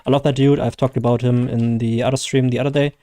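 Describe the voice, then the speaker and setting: A German man, whose native tongue is German, chats casually and rambles to viewers while live-streaming a game. His voice is mid-range, level and mellow, and he talks fast.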